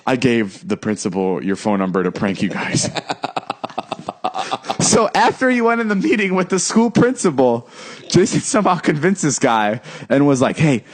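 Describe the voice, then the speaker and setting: A man's voice: mid-range voice, big pitch swings, normal speed. A young man co-hosting a podcast, telling a story in a casual, teasing and joking way. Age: young adult. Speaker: podcast co-host.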